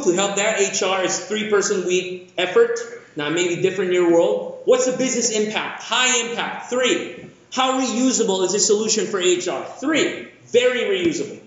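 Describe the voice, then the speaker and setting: A man from the Philippines giving an energetic, jokey conference keynote, often asking the audience questions. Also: high voice, normal speed. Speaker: keynote speaker. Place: large conference hall. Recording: echoey hall, dull lo-fi sound.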